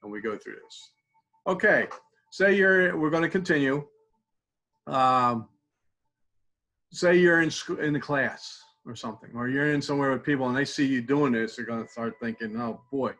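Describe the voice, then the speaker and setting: Man calmly guiding a tapping exercise. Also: medium pitch, moderate pace, rough recording. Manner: conversational, repeats phrases while demonstrating, drops to quiet murmurs. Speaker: mindfulness instructor.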